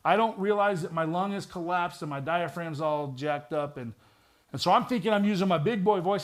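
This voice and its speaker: A man's voice: on the high side, brisk. A middle-aged man, a retired police detective, giving a vivid personal testimony in a church with touches of wry humor.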